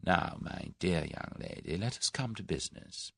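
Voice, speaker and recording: A suave, scheming businessman in middle age coaxes in measured tones, played by a male audiobook narrator. His low, gravelly voice moves through lively rises and falls, and the recording is close and dry. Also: no echo, full character voice. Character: smooth, scheming middle-aged businessman, genial then menacing.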